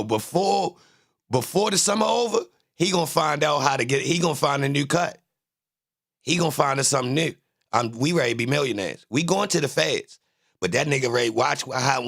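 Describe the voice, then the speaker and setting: A man streaming a reaction to a court video, joking loudly in profane slang. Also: medium pitch, gravelly. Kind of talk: casual reaction commentary.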